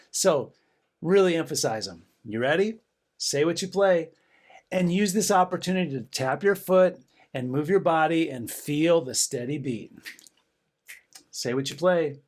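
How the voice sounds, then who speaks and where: Here a middle-aged band director, his voice a little high and expressive, talks somewhat slowly through a music lesson demonstration. He counts rhythms aloud, encourages the students, and now and then erupts in cheers.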